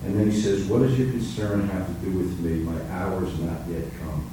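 A man's voice: steady tone, normal speed, noisy background. Man preaching in an echoing hall. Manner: swings from soft, low musings to high, emphatic preaching. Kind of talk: sermon. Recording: echoey room, distant mic.

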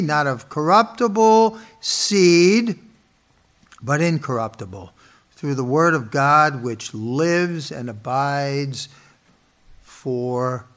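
A man's voice: on the high side, a bit bright. A man preaching to an audience, stressing word lists and asking questions he then answers himself. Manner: expository preaching with rhetorical questions; slow, emphatic listing of words. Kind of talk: sermon. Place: in front of an audience.

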